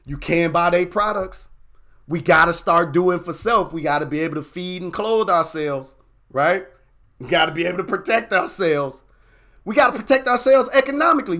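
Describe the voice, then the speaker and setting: Fired-up preaching man, high and lively. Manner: fired-up, preaching, repetitive emphasis. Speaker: host. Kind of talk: impassioned motivational talk.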